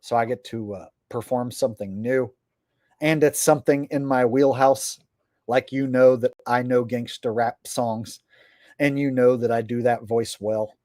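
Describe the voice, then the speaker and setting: A man's voice: medium pitch, steady tone, a little slow, darkish tone, no echo. Rambling male streamer, full of fillers. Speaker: YouTube streamer. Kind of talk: casual chat to viewers.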